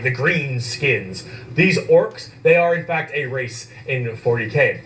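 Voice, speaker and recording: A man's voice: a little high, a bit bright, far from the mic, a little hiss or hum, poor audio. Enthusiastic, cursing man explaining casually. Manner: enthusiastic, swears casually, repeats himself for comic effect.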